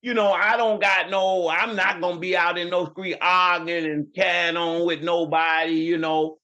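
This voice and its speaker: This fifty-something New Yorker has a high voice with a level tone, pushed and bright, at a moderate pace on lo-fi audio. Guesting on a podcast, he spins family stories in a loose, casual way, frequently starting over.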